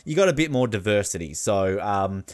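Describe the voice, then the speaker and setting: A man's voice: lowish voice, very animated, moderate pace, clean tone. A man hosting a podcast, chatting casually in a joking, rambling way. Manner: joking, rambling, lots of fillers. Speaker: podcast host. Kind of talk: casual chat.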